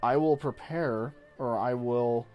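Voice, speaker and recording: A man casually commenting on his strategy game, muttering to himself and reading the game's text aloud. Mid-pitched and conversational, with soft game music running behind him. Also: slow, dull audio. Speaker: game streamer.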